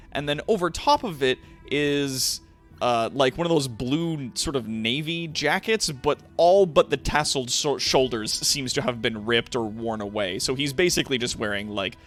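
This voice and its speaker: A man narrating a tabletop game as game master, relaxed, with frequent fillers. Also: medium pitch.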